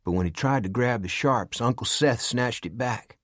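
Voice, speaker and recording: A man reading an audiobook in an even storytelling manner. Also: medium pitch, moderate pace, no echo, clean studio sound. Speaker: audiobook narrator. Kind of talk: scripted narration.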